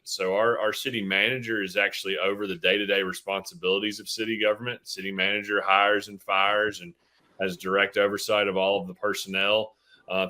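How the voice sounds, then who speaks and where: A man's voice: on the low side, sharp tone. A man in his thirties, a mayor, answering interview questions earnestly with frequent fillers and restarts. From Tennessee. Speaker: city mayor, guest.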